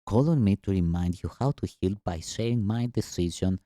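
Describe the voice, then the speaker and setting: Low, mellow man reading solemnly. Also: moderate pace, no echo, studio quality. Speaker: spiritual teacher reading scripture-like text.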